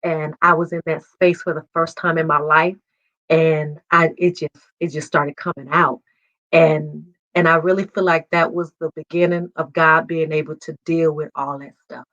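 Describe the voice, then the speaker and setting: A woman in her forties shares a candid, emotional personal testimony, breaking into laughs as she goes. Her voice sits low. The recording sounds dull and lo-fi. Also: level tone, normal speed, fairly bright tone. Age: 40s. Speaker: guest.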